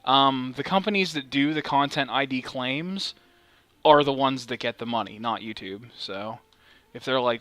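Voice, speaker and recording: Bright, crisp-voiced casual gamer man. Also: medium pitch, slow pace, long pauses, dry recording. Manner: rambling, profane and self-mocking. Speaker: let's play co-host. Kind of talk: casual gaming chat.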